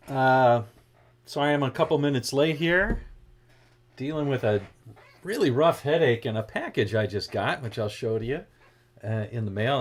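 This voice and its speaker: A middle-aged man with a light Boston accent, talking at a medium pitch. He chats easily as he hosts a guitar livestream, with relaxed asides as he greets each viewer by name. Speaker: guitar teacher hosting a livestream. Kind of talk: casual livestream chat.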